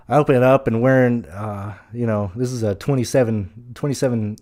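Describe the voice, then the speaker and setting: A man's voice: mid-range voice, darkish tone. A young American man hosting a live show, telling a long, profane, exasperated story in a casual rambling way. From United States.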